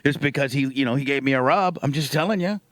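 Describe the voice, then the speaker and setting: A man's voice: medium pitch, fast talker, fairly bright tone, no echo, low-quality recording. A man hosting a radio show, talking in brash, profane, boisterous banter.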